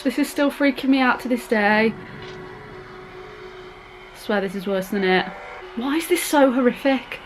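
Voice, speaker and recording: A woman's voice: a little high, measured pace, long pauses, rough recording. A young woman talking through a scary film as a vlogger, gasping, squealing and chatting in a casual reaction vlog.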